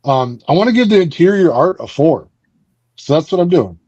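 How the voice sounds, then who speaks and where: A man's voice: on the high side, very animated, brisk, a little mellow, no room sound, muffled recording. Man rambling through a comic recap. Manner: rambling, frequent fillers and restarts. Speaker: book club podcast host. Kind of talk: casual comic book recap and review.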